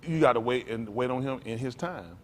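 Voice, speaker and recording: A pastor preaches to his congregation in a conversational way, speaking right to them, calling out to them, and repeating his phrases. He swings between low murmurs and loud, raised lines, and his pace is brisk. There's a little hiss or hum on the recording.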